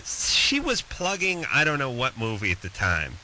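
A man's voice: medium pitch, wildly swooping pitch, normal speed, pushed and bright, low-quality recording. A man hosting talk radio, rambling in a blunt, crude way. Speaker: radio host. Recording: light hiss.

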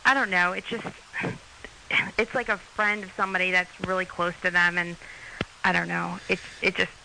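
Hesitant young woman caller, halting. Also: fairly low pitch, little pitch movement, vocal fry, noisy background. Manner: hesitant, halting, many ums. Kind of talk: call-in radio advice.

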